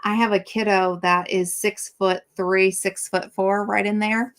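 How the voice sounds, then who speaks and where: A woman's voice: medium pitch, level tone, measured pace. Chatty middle-aged woman hosting a live stream. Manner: rambling and chatty, many fillers, greeting viewers by name. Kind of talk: casual live-stream chat.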